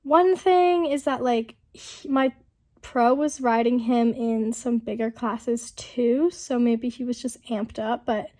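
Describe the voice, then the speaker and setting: A woman's voice: fairly high pitch, takes it slowly, dark tone. Chatty young woman with a sick voice. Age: young adult. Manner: chatty, rambling, many fillers. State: lingering sick, rough voice. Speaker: vlogger. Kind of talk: casual voiceover narration. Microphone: voiceover mic.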